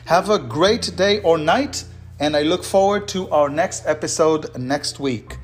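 A man's voice: on the high side, a little slow, soft background music. A man hosting a solo podcast on leadership, speaking earnestly and encouragingly and repeating key words for emphasis. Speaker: podcast host.

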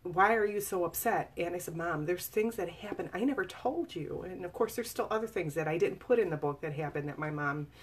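Sharing her own testimony at a live event, a woman in her 40s reads from and talks about her memoir, confiding earnestly and speaking casually with fillers and restarts. She speaks briskly with hardly any pauses, in a lowish voice that's a little mellow and slightly rough.

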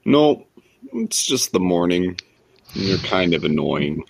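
A man's voice: sits low, big pitch swings, slow, vocal fry. A man playing a tabletop role-playing game, talking wryly with dry humor. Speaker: player. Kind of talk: in-character tabletop role-play.

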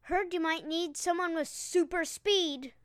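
A man voicing a young boy superhero with super speed, in a high, offhand voice. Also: fairly even intonation, measured pace, a bit bright, dry recording, studio quality. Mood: casual.

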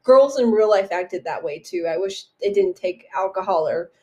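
A young adult woman co-hosting a podcast, telling stories in animated casual chat full of swearing. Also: medium pitch, normal speed. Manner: profane, animated storytelling. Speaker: podcast co-host.

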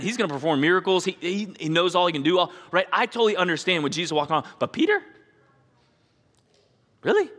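A man's voice: fairly high pitch, bright, forceful tone. A middle-aged man preaching a sermon as pastor, telling stories animatedly, acting out voices and asking the congregation questions. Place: church sanctuary. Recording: long hall reverb.

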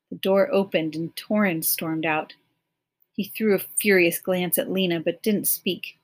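A woman narrating an audiobook chapter in a measured, expressive storytelling manner. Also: on the low side. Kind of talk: audiobook reading of a novel.

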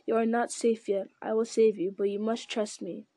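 A woman's voice: on the high side, flat delivery, moderate pace, dark tone, dry recording, close to an everyday voice. A woman reading an audiobook, voicing an earnest young male hobbit who speaks with urgent coaxing. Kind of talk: audiobook narration.

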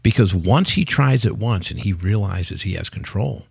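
A man in his sixties, a company head guest on a podcast, telling stories in an animated, emphatic, salesman-like way. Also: on the low side, normal speed, vocal fry, husky, no room sound. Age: 60s. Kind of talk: casual interview chat.

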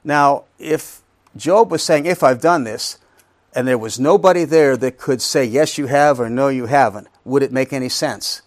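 A man's voice: medium pitch, normal speed, dry recording, clean studio sound. Man teaching a Bible study lesson. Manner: reads scripture aloud then explains it, asking rhetorical questions; conversational with frequent restarts.

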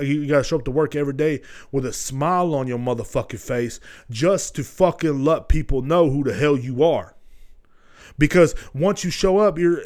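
A man in his thirties delivering a solo podcast monologue, swearing constantly as he rambles. His voice climbs into loud ranting, then sinks back to a low mutter. His pitch sits in an ordinary middle range. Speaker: podcast host.

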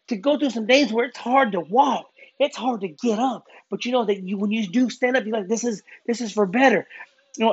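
Husky earnest preacher, dull recording. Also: mid-range voice. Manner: earnest, stumbling restarts, gym talk. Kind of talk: informal sermon.

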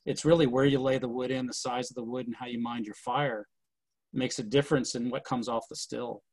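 A man chats casually and rambles, piling up fillers and restarting his sentences. His voice sits at a middling pitch. The sound is dry and close, with no room echo. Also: fairly even intonation, a little fast, a little mellow. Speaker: historic distillery manager. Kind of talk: casual conversation.

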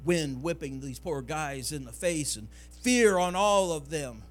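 A man's voice: a little high, animated, unhurried, slight background noise. A male pastor, preaching a sermon that builds to near-singing climaxes.

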